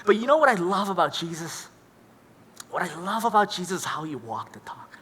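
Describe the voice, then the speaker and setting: A man preaching a sermon as a pastor, telling stories in an animated, dramatic way. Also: high-pitched, brisk, slightly rough. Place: church hall. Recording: echoey church hall.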